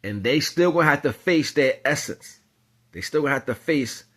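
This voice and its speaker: A man giving a casual spiritual monologue, talking in loose slang and rambling off into animated storytelling. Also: on the high side, normal speed. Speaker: spiritual commentator.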